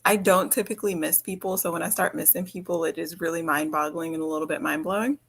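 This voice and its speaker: A woman's voice: lowish voice, steady tone, fast talker, creaky, a bit bright, slightly rough. Frank woman co-hosting a chat show. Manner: candid and frank, swears casually. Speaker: podcast co-host. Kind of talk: casual chat.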